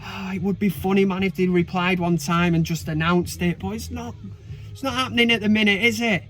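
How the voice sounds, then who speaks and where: Mancunian man in his 30s, football vlog host, high voice, sweary and sarcastic delivery. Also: steady tone, fairly quick, fairly bright tone, faint music behind. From Manchester, England. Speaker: football fan vlogger. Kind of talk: casual ranting commentary.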